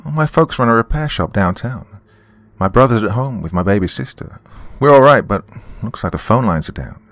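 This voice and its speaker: A man voicing a frightened thirteen-year-old girl in a horror story, pleading and pitched up. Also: expressive, a little fast, fairly bright tone, no echo. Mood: worried.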